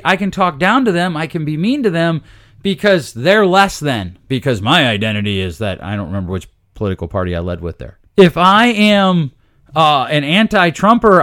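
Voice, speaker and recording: A man's voice: high voice, a bit bright. A middle-aged man hosting a podcast, talking through parenting ideas in a casual, emphatic way with self-deprecating asides. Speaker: podcast host.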